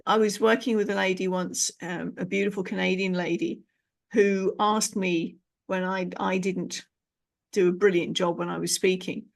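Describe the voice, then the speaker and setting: A British woman hosting a podcast interview as a speaking coach, talking in an encouraging, expressive way. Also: lowish voice, moderate pace, gravelly. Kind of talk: conversational interview.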